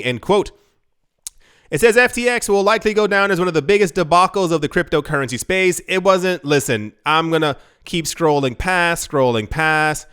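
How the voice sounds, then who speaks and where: A man hosting his own channel with casual news commentary. He is excitable and sarcastic and says "like" a lot. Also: on the high side, normal speed, smooth. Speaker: show host.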